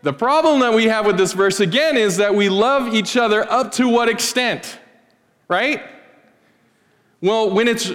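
A man's voice: sits high, a little fast, fairly bright tone, big-room sound. A male pastor preaching in a conversational, joking way, acting out little everyday scenes. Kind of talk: sermon. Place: church.

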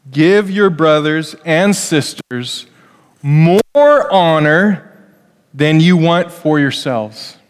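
A middle-aged male pastor preaching a family sermon, speaking directly to the kids and acting out what family members say. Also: high voice. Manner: lively, addresses kids directly, acts out family quotes. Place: church hall. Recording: long hall reverb.

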